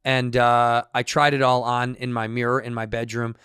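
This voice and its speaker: This podcast co-host jokes around and reads ads casually and playfully, slipping into loud, goofy voices between bits of banter. He has a mid-range voice with little pitch movement and talks at a normal speed. The sound is clean studio quality with no echo.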